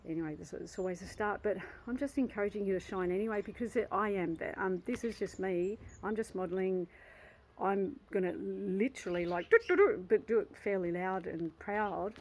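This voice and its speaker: A woman in her 50s hosts her own channel, speaking earnestly and heartfelt about self-worth in a casual motivational vlog monologue, often restarting sentences and laughing softly. Her mid-range voice moves at a moderate pace. The recording is low-quality, with slight background noise.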